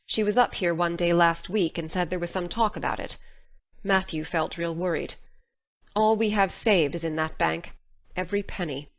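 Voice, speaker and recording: A woman voicing a practical older countrywoman, stern but caring, speaking in a lowish, plain and matter-of-fact way. Her speech is homespun and measured, as in a radio drama. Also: lightly acted. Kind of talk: full-cast audiobook drama.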